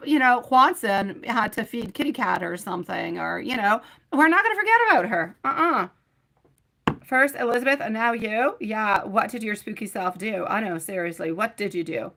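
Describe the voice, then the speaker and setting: A woman hosting a live tarot reading, talking straight to her viewers. Her voice is bright and ringing, and she showers them with endearments like sweetie and my love while answering their questions one after another. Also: medium pitch, lively intonation, normal speed, creaky, low-quality recording. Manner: chatty, reads out viewer names and questions. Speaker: tarot reader.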